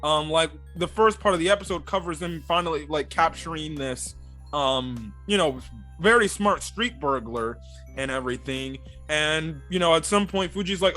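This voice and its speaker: A man's voice: a little high, normal speed, sharp tone. A man giving a casual, rambling review of an anime episode, full of fillers and loose asides. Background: faint background music.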